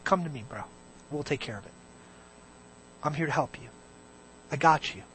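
A preacher voicing the Holy Spirit as a gentle, reassuring best friend who speaks low and softly. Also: lively intonation, normal speed, breathy edge, poor audio. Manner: soft, low, buddy-like reassurance.

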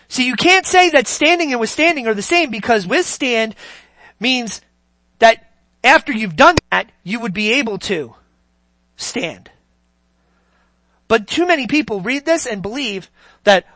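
A preacher delivering a sermon, swinging between loud, drawn-out emphasis and quiet, near-whispered lines. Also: medium pitch, expressive, dry recording. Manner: slow, drawn-out stresses on key words.

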